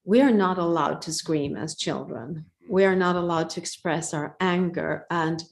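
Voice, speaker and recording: A woman's voice: lowish voice, normal speed, vocal fry. A woman host with a Swedish accent, an attentive listener who murmurs frequent agreement during an interview. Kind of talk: interview conversation.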